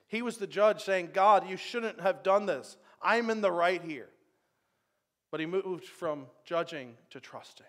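A man in his thirties preaching an earnest sermon, telling a personal story and dropping to a hushed near-whisper at tender moments. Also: a little high. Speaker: pastor.

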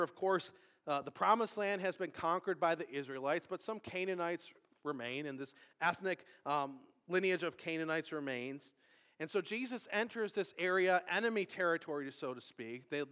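A man's voice: on the high side, fairly bright tone. A man preaching a conversational sermon, often restarting his phrases as he explains a passage. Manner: conversational, halting with repeated restarts.

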